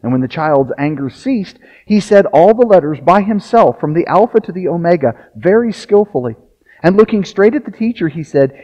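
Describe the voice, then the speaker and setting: A man's voice: fairly high pitch, lively intonation, brisk, dark tone. A male pastor preaching a sermon, reading a long passage aloud with casual asides. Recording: dull lo-fi sound.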